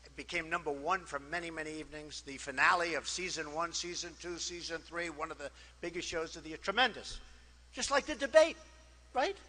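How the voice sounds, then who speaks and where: A man giving a campaign rally speech as a political candidate. He is boastful and rambling, repeats himself, and swings between loud declarations and quiet asides. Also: a little high, a little fast. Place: rally crowd.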